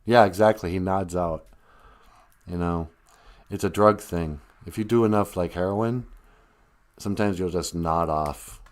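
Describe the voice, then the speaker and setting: A man's voice: low-pitched, a little slow, long pauses. A man with a Minnesotan accent hosting a live stream, rambling through jokes and laughing at them himself. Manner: rambling, joking, laughs at his own jokes. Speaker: host. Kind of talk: comedic live-stream monologue.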